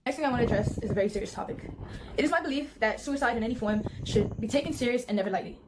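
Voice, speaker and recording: A woman's voice: a little high, racing, background noise. A young woman reading a prepared statement in a formal, earnest way.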